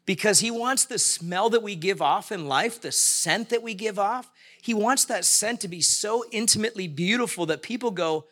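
A man's voice: high-pitched, normal speed, hardly any pauses, pushed and bright. A middle-aged male pastor preaching a sermon in a loose, conversational way, slipping into quoted voices as he tells stories.

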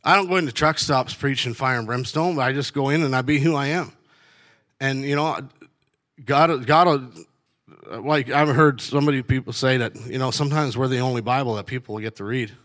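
A middle-aged man tells faith stories in a blunt, down-to-earth way, breaking into short laughs as he goes. His voice sits at an ordinary mid pitch for a man, and his delivery is casual and unscripted. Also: fairly quick, a bit bright. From Canada. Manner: blunt, storytelling, laughing between lines. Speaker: truck driver sharing faith.

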